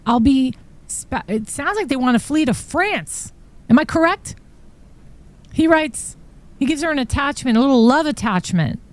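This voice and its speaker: A woman's voice: high-pitched, expressive, moderate pace. Woman reacting to trial evidence. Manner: reads texts aloud with shocked asides. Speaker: true crime podcast host. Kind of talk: live-stream commentary reading trial exhibits.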